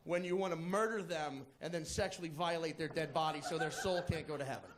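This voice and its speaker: A man doing stand-up, telling a profane story in a playful, animated way to a live audience. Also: fairly high pitch, brisk, very noisy. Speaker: stand-up comedian. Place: comedy stage before a live audience. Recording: live crowd laughter.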